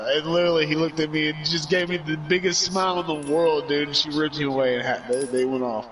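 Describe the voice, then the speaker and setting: A male streamer tells a story at a rapid clip, rambling and stacking filler words with plenty of cursing. His voice sits a bit back from the microphone, with faint noise behind it. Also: a little high, fairly even intonation, a bit bright. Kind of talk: casual storytelling. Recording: voice somewhat far from mic.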